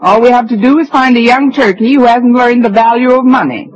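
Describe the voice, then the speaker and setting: A woman's voice: a little high, brisk, very noisy, lightly acted. An actress playing a dry, sarcastic woman schoolteacher in a 1950s radio sitcom, also narrating. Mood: wry. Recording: dull lo-fi old radio recording.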